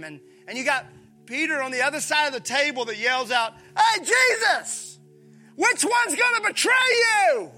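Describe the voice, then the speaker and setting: Bright high-voiced pastor preaching. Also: male voice. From Mississippi, USA. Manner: animated, acts out voices, calls on the congregation. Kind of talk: sermon.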